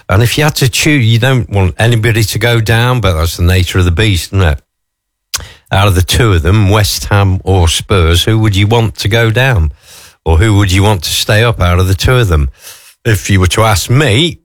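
A man's voice: lowish voice, no echo, clean studio sound. A man hosting a breakfast radio show, chatting casually and musing aloud through the day's talking points. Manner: chatty, muses aloud and answers his own questions. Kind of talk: morning radio chat.

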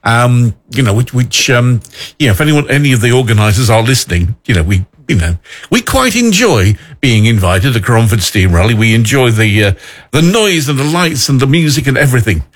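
Husky, lively radio host. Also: male voice, medium pitch, a little fast. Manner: rambling, self-deprecating asides. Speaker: local radio morning host. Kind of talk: casual radio chat.

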